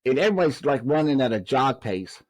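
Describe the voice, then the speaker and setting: Male podcast guest, middle-pitched, animated storyteller who acts out dialogue, dry close-mic sound. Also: quick pace, dry recording. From Southern United States. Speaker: guest, former prison officer.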